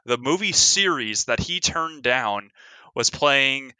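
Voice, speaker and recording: A man chatting casually on a podcast, piling up fillers and restarts as he tells trivia. His voice is very bright and forward, recorded close and dry with no room around it. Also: medium pitch, expressive, slow, clean tone, no echo. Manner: rambling, filler-heavy, lots of "like". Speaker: podcast co-host. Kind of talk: casual chat.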